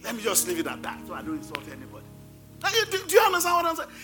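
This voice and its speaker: A man's voice: high-pitched, wildly swooping pitch, rapid-fire, over music. A middle-aged male pastor preaching a sermon, emphatic and repeating his key phrases. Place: church.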